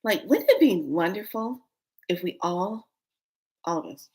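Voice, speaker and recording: Lively low-voiced woman telling a story. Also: a little slow. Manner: animated, laughs often while telling. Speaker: vlogger. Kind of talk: casual storytelling.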